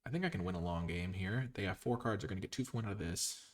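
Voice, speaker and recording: A man commentating his own card game, switching between quiet muttered analysis and loud, mock-grandiose cheering. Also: sits low, fast. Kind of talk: gameplay commentary.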